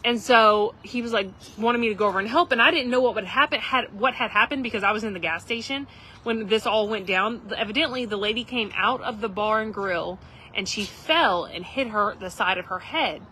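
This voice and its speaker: A woman's voice: mid-range voice, brisk, sharp tone, a little hiss or hum, rough recording. A woman, casually telling a rambling story to live viewers outdoors at a campground. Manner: rambling, chatty, frequent "like" and "literally". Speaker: livestream host.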